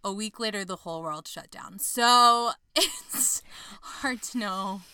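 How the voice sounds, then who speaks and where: A young adult woman co-hosting a casual chat, animated and jokey, her voice swinging from loud to soft. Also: medium pitch, slow pace, clean tone, no room sound, clean studio sound. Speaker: podcast co-host.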